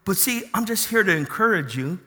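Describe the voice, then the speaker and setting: A man preaching a sermon as a pastor, telling a personal story with passion and loud emphatic bursts. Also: high voice, animated, fairly quick.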